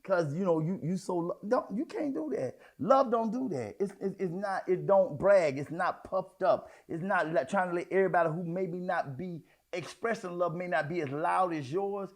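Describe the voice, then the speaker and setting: A man preaching a sermon in a folksy, conversational way, swinging between hushed asides and loud outbursts. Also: high voice, moderate pace, hardly any pauses. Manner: folksy, addresses congregation as y'all, child, honey. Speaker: apostle preaching.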